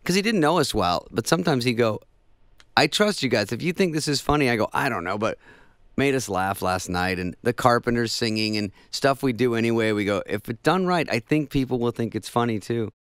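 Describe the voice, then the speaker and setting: A male comedian telling casual anecdotes on a talk show, dry and quick, dropping into voices for the people in his stories. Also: mid-range voice, expressive, fairly bright tone, smooth, no echo. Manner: dry storytelling, mimics others in quick voices. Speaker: comedian guest.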